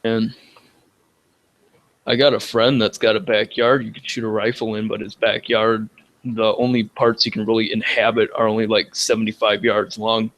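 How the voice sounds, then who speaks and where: A man's voice: fairly low pitch, little pitch movement, moderate pace, fairly bright tone. A young man chatting casually in a voice chat, laughing often as he talks.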